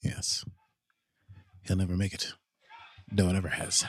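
A man's voice: low voice, monotone. A man co-hosting a podcast, giving jokey, chatty commentary as he watches a movie. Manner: jokey, chatty, quick to laugh at the screen. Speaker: podcast co-host.

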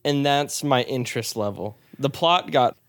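Blunt young man with a smooth voice. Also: mid-range voice, lively intonation, moderate pace, no echo. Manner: blunt and offhand, swears and laughs often. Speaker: podcast co-host. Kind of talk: casual movie review chat.

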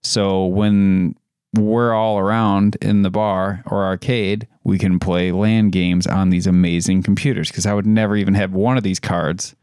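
A man's voice: low-pitched, little pitch movement, unhurried, darkish tone, clean tone, no room sound, studio quality. A man hosting a casual podcast chat, rambling with fillers and frequent laughs. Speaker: podcast host.

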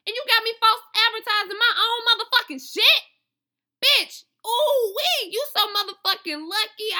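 A young woman with a high voice vents to her viewers in a profane, animated storytime. Her tone is very bright and cutting. She swings between loud outbursts and low, calmer stretches. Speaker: vlogger, author promoting an ebook. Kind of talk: casual storytime rant to viewers.

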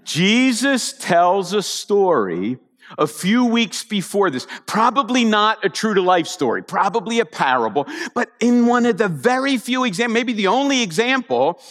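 Male pastor, fairly high, very expressive delivery; chatty sermon storytelling; long hall echo. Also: unhurried. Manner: animated storytelling with asides to the congregation. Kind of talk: conversational sermon.

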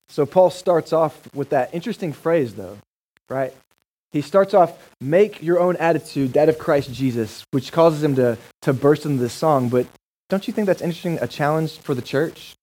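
A man's voice: fairly high pitch, animated, unhurried, a little mellow, rough recording. A male pastor giving a sermon in a casual, enthusiastic, joking manner.

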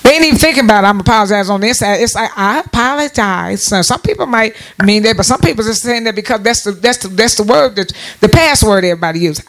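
A woman's voice: a little high, lively intonation, fast talker, few pauses. A woman in her sixties giving a casual preaching talk to her viewers. She is emphatic, repeats her words and restarts often, and her voice jumps up on the points she wants to stress. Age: 60s. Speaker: church speaker addressing viewers.

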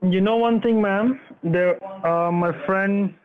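A man's voice: high-pitched, slow, a crowd in the background. A man working as a phone scammer, persistently repeating scripted instructions. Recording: tinny phone line.

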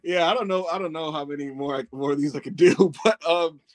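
A man hosting a podcast, telling stories in casual chat, animated, swearing and laughing often. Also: a little high, fairly quick. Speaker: podcast host.

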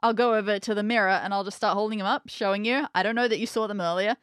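A woman's voice: medium pitch, fairly even intonation, fast, fairly bright tone, clean tone, no echo, clean studio sound. A woman playing a tabletop game, talking through her moves in a methodical, wry way. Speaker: player.

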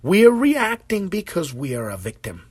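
A man's voice: high-pitched, normal speed, breathy edge, no echo. A man hosting a podcast, talking casually and with feeling about spiritual growth, swearing often and acting out the voices he quotes. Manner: animated, profane, acts out quoted voices. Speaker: podcast host.

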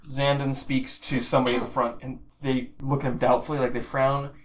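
A man's voice: medium pitch, little pitch movement, fairly quick, slight background noise. A man narrating as game master of a tabletop game, describing scenes with restarts and fillers.

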